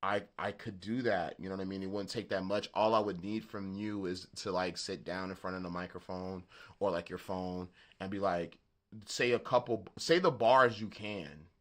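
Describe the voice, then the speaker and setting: A man with a Southern accent hosting a beat-making livestream, chatting casually in a halting, rambling way and swearing freely. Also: low voice, steady tone, a bit bright. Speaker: beatmaker livestream host. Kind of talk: casual live-stream chat.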